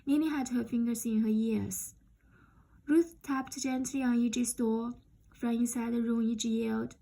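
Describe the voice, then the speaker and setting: A woman reading a novel aloud in steady storytelling narration. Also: fairly high pitch, moderate pace, rough recording. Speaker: reader. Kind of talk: audiobook narration.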